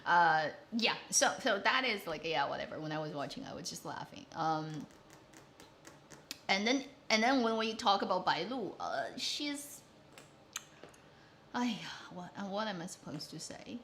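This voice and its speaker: Blunt, animated woman drama reviewer. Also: on the low side, measured pace, a little hiss or hum. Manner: opinionated, blunt, animated critique. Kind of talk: casual commentary livestream.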